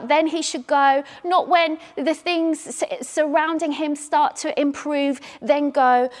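Slow, high-voiced woman preaching. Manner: earnest, repetitive preaching cadence, drops into hushed prayer. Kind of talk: sermon. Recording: long hall reverb.

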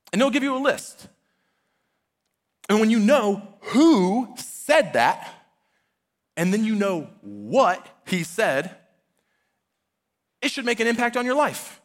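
A man in his thirties preaching a sermon, earnest and conversational, often using casual fillers. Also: sits high. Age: 30s. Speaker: pastor.

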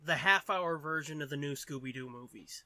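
A man's voice: on the high side, normal speed, bright, forceful tone, dry recording. A man co-hosting a podcast in casual chat, joking, swearing freely and laughing often. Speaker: podcast co-host.

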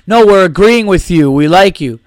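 A loud, defensive bar-table heckler, as a man puts him on, whining his complaints in a high, strained voice. The sound is dry and close, with no room around it. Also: lively intonation, moderate pace, no echo. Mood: whiny. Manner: whiny, defensive, raised voice. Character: loud indignant male comedy club heckler.

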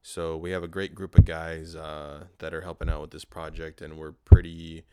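Very low, flat-voiced frustrated man. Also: moderate pace, very noisy. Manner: frustrated, swearing, rambling. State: low energy. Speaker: podcast host. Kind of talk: casual solo podcast ramble. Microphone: handheld portable recorder.

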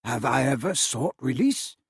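A man's voice: mid-range voice, animated, measured pace, husky, no echo, clean studio sound, exaggerated voice. A man reading aloud and voicing a defensive, money-minded young man who answers curtly. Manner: curt and defensive. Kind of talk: dramatic reading of a classic novel.

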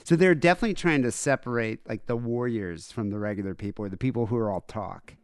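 A man's voice: medium pitch, fast talker, smooth, dry recording, clean studio sound. A man co-hosting a podcast, talking in a loose, chatty way with fillers and restarts. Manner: chatty, many fillers and restarts, laughs easily. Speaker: podcast co-host. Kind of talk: casual podcast chat.

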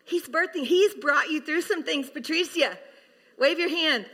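Animated, bright-voiced woman preaching. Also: a little slow. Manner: animated, swings from soft hushed tones to high laughing bursts. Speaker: pastor's wife preaching. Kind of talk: sermon.

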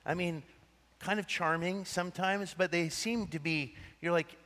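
A male pastor preaching a sermon, swinging between excited bursts and hushed, tender passages. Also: high voice, measured pace, long reverb tail.

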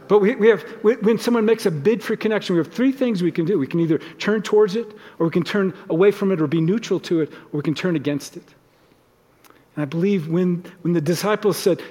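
A man's voice: on the high side, normal speed, darkish tone, big-room sound. A man preaching a sermon as a pastor in his church, talking conversationally and acting out short everyday exchanges. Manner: conversational, acts out little example dialogues.

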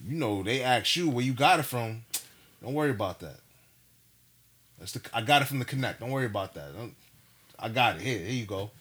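A man telling a story in a casual chat, animated and profane, full of slang. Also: medium pitch, brisk, long pauses, husky.

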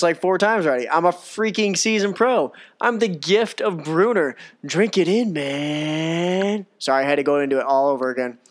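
A man's voice: on the high side, smooth. A man hosting a solo wrestling podcast, joking at his own expense and rambling in a casual, self-mocking way. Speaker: podcast host.

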